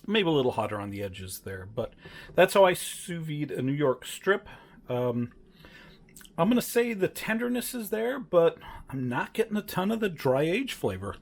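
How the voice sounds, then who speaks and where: A man's voice: fairly high pitch, sing-song, normal speed. A man casually narrating his home cooking, chatty and rambling, correcting himself often with plenty of fillers. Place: home kitchen.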